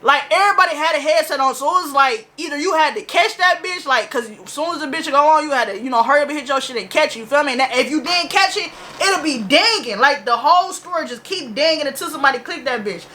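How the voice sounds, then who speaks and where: High, bright-voiced young woman ranting casually. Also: lively intonation, fast talker, few pauses. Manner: loose, profane slang-heavy storytelling. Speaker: reaction video host. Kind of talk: casual reaction vlog.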